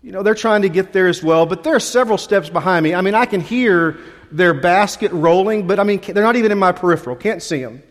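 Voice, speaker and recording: Animated and brisk, a high-voiced man preaching as pastor shares a chatty story at his own expense, stopping and restarting often, and then shifts to the sermon itself. Long large-hall reverb colors the recording.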